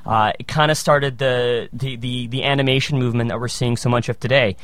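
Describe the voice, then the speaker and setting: A man interviewing a performer, asking questions with halting repeats. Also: mid-range voice, fairly even intonation, fairly bright tone, no room sound.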